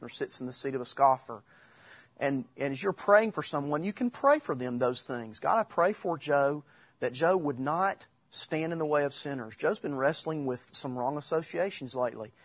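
A man's voice: medium pitch, no room sound, highs cut off. A man giving an informal church teaching talk, quoting Bible verses from memory with frequent halts and restarts. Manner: halting, restarts while quoting Scripture from memory.

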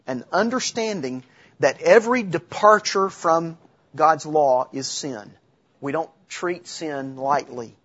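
A middle-aged man delivers a sermon in a husky, slightly high voice. He preaches conversationally, with restarts and light humor, and the recording sounds dull and lo-fi. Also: fairly bright tone. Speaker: pastor.

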